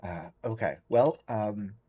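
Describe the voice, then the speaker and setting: Male game master, low husky voice, relaxed and halting narration. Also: dull audio.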